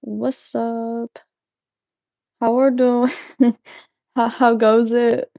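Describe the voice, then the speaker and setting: A woman's voice: fairly high pitch, flat delivery, drawn-out words, vocal fry, no echo. A young woman hosting a live stream, chatting casually and rambling with frequent restarts and giggles. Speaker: livestream host. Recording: dull lo-fi live-stream audio.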